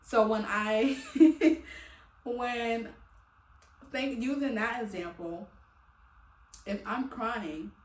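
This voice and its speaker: A woman's voice: a little high, drawn-out words, long pauses. A woman vlogger venting casually to her viewers, rambling with many fillers and laughing between thoughts. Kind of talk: casual heartfelt venting to camera. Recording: echoey room, a little far from the mic.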